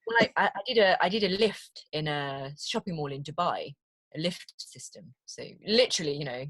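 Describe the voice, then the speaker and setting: A British woman talks about her voiceover career in a relaxed interview. Her voice sits a little low, and she tells stories with energy, stumbling and repeating words as she gets going. The sound is dry and close, with no room echo. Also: moderate pace. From Britain. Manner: animated storyteller, laughs easily, repeats words when starting. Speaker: voiceover artist guest. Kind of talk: casual interview chat.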